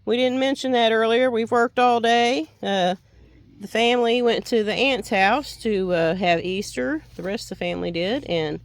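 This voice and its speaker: A woman's voice: fairly high pitch, moderate pace, no room sound, low-quality recording. A tired woman chatting casually to her vlog audience outdoors by the animal pens in a folksy way. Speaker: homestead vlogger. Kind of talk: casual chat to camera.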